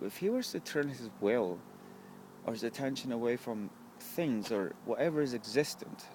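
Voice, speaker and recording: A man's voice: medium pitch, a little mellow, slight background noise. A young man, rambling to the camera at a bus stop, swearing often and asking "right?" a lot. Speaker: vlogger.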